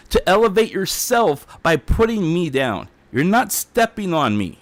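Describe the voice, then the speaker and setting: A man's voice: high voice, big pitch swings, measured pace, few pauses, dry recording. A man streaming a defiant, heated rant, repeating himself as he talks. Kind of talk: ranting livestream monologue.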